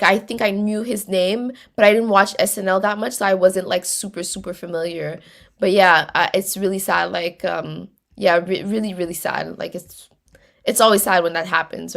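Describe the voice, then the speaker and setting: Woman, livestream host, casual chat, slangy, full of fillers and restarts, reads viewer comments aloud, mid-pitched. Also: creaky, a bit bright. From North America. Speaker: host of a reality show recap stream.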